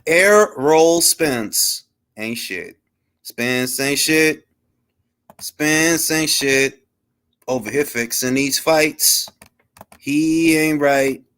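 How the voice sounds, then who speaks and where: A man's voice: on the high side, extremely slow, long pauses, fairly bright tone, smooth. A man on a boxing talk stream panel, making an emphatic argument. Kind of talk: casual live-stream chat.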